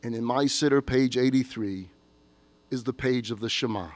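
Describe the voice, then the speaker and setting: Man, rabbi, sermon storytelling, expressive, emotive, middle pitch. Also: normal speed, no echo.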